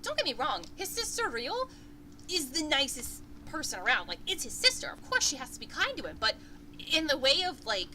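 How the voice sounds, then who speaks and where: A woman narrates a tabletop game as game master in a chatty, animated way, filling gaps with "uh" and "like." Her tone is bright and sits a little high. Faint background noise runs under the recording. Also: brisk, rough recording.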